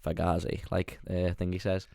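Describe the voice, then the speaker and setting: A man's voice: medium pitch, lively intonation, fast talker, fairly bright tone, no echo, clean studio sound. A young man co-hosting a casual podcast chat, rambling and joking with frequent restarts. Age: young adult. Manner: rambling, jokey, restarts often. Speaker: podcast co-host.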